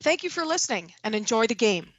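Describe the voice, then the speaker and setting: A woman hosting a podcast interview, retelling a bench story as an animated storyteller. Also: a little high, fast talker, loud music behind the voice. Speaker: podcast host and coach. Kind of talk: conversational interview.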